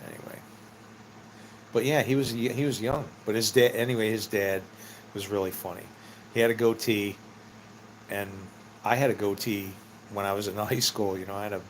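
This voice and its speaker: A man's voice: lowish voice, steady tone, normal speed, long pauses, slight background noise. A middle-aged man telling rambling personal stories in a casual, meandering way, laughing often and swearing freely. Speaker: vlogger.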